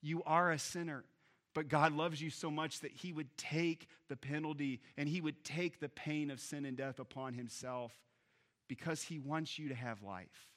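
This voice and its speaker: A man, a pastor, preaching an earnest Easter sermon, building up on key points and dropping soft on others. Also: fairly high pitch, moderate pace. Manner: earnest, rising with emphasis then dropping soft.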